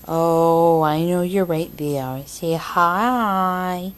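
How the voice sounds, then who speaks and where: A woman's voice: fairly low pitch, very slow, clean tone, poor audio. A young mother filming her baby at home, coaxing him in sing-song baby talk. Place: home, indoors. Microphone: handheld camera.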